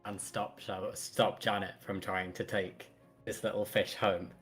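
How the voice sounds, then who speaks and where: A man's voice: sits low, little pitch movement, unhurried, a bit bright, faint music behind. A man playing a tabletop game, explaining his character's move with amusement. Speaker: player.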